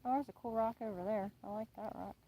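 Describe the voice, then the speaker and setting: A woman's voice: medium pitch, fairly even intonation, fast talker, mellow, slight background noise. A woman chatting playfully on a live stream outdoors by a lake, beside her husband. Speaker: co-host, host's wife. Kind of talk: casual live-stream chat.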